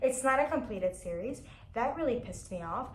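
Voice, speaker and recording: A woman's voice: a little high, lively intonation, moderate pace. Chatty, rambling young woman, echoey room. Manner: chatty and rambling, with frequent restarts and apologies. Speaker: book vlogger. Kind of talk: casual chat about books.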